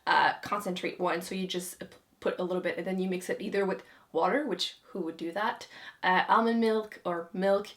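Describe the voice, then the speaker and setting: A young woman chatting casually to camera about her monthly favorites, giggling often and filling pauses with "uh" and "like". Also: lowish voice, steady tone. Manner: chatty, giggly, many fillers. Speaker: beauty vlogger.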